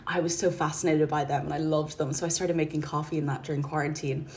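A woman's voice: sits low, flat delivery, fast, a little hiss or hum. A woman hosting a podcast, talking through her thoughts in a rambling, earnest way with lots of "like" and "um". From Ireland. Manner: rambling, heavy use of "like" and "um", gentle and earnest. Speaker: podcast host. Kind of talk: casual reflective podcast monologue.

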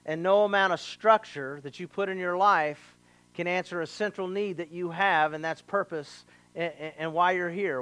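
A man pastor preaching a sermon, animated, acting out voices of people in the story and talking directly to the congregation. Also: sits high, moderate pace, clean tone. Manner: animated preaching with acted quotes and asides.

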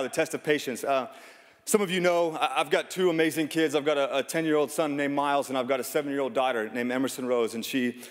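A man in his thirties preaching a sermon, telling stories in a conversational way with self-deprecating humor. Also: mid-range voice. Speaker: pastor. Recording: long reverb of a large hall.

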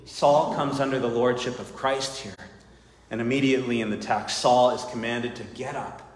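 Earnest preacher in an echoey hall. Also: male voice, mid-range voice, fairly even intonation, moderate pace. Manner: earnest, repeats "right?" and "friends". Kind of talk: sermon. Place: church. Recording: echoey hall with long reverb.

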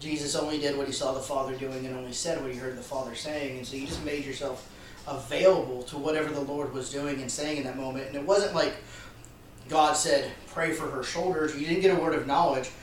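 A man's voice: medium pitch, steady tone, brisk, a little hiss or hum. A man hosting a podcast who chimes in with playful quips and reflections in a casual conversation. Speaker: podcast host. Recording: roomy, distant mic with faint ambience.

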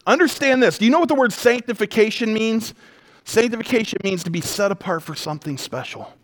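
A man preaching a sermon as a pastor, animated and emphatic, moving between loud declarations, quiet intensity and humorous storytelling. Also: sits high, fairly quick. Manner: conversational storytelling with self-deprecating humor.

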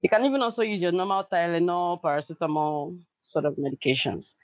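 A woman co-hosting a podcast, calmly explaining medical points to her co-host. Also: on the low side, a little fast, dry recording. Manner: sympathetic, explanatory. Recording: dry, dull lo-fi remote audio.

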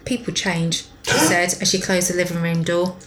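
A woman's voice: on the low side, little pitch movement, a little fast, fairly bright tone, a little hiss or hum, poor audio. A woman reading her own story aloud to friends, voicing both narration and dialogue. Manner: reads narration and dialogue, laughing between lines.

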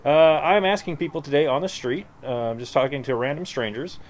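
A man's voice: fairly high pitch, fairly quick. A man doing casual street interviews outdoors, chatty, swearing casually and laughing often.

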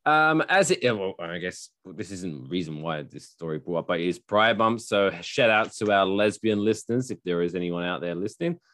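A man hosting a podcast, chatting casually in a jokey, animated way and swearing freely. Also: low-pitched, brisk, few pauses, no room sound, studio quality. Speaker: podcast host.

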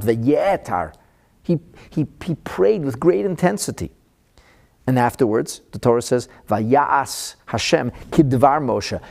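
A man giving a Torah lesson, animated, slowing down to stress the Hebrew verses he quotes. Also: mid-range voice. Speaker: Torah teacher.

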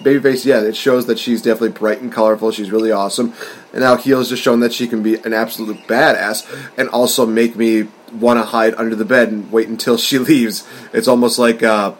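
A man's voice: mid-range voice, level tone, fairly quick. A man co-hosting a casual wrestling podcast, rambling and laughing often as he talks. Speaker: podcast co-host.

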